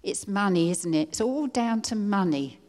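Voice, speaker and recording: An older woman from England giving an earnest personal testimony at a conference, pleading and halting now and then as she restarts her words. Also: mid-range voice, expressive, darkish tone. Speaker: conference speaker. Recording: long hall reverb.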